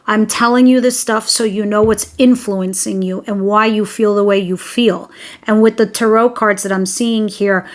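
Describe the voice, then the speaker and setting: A young woman giving a casual tarot reading, talking directly and emphatically to her listeners, with the odd swear word. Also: medium pitch. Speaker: tarot reader.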